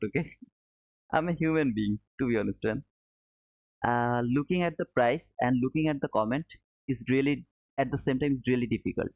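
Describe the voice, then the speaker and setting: A man teaching trading live, walking through charts step by step, repeating key points and calling his viewers brother. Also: medium pitch. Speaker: trading educator streaming live. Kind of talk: live chart commentary answering chat. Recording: narrow phone-like audio.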